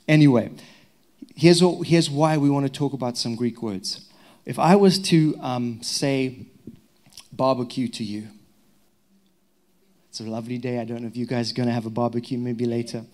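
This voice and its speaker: A man from Zimbabwe with a Zimbabwean accent, a pastor giving a lively sermon with humorous stories. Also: medium pitch, normal speed, pauses often. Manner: lively, humorous storytelling with prayer. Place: church hall.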